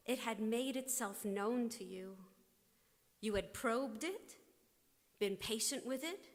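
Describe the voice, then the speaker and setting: A woman rabbi gives a formal blessing and tribute at an installation, speaking slowly and deliberately in a fairly high voice. Whole phrases drop to a near hush, and a big hall's long reverb carries every word.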